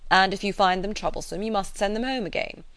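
A woman reading the part of a blunt, practical married gentleman who talks in a firm, lecturing way. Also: mid-range voice, fast talker, no echo, lightly acted.

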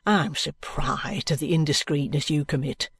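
A man playing a shrewd police detective, speaking in a cool, deliberate, coaxing way. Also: fairly high pitch, no room sound, natural voice. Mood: firm. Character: shrewd, calm male police detective, firm and patronising.

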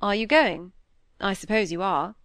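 A woman reading the part of an earnest young Victorian gentleman in an audiobook, measured and sincere. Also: medium pitch, lively intonation, no room sound, lightly acted.

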